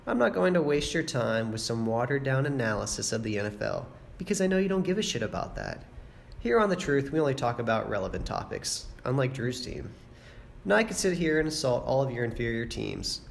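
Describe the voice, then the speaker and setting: Cocky trash-talking man, gravelly lo-fi audio. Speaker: rival league member. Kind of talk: mock radio show taunt. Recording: low-quality noisy recording.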